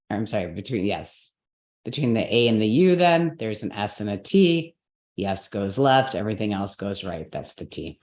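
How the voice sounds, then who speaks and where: A woman teaching a live class, explaining step by step, checking that her students follow, and correcting her own slips out loud. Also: extremely low pitch, reverberant. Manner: patient, step-by-step explaining with frequent checks for understanding.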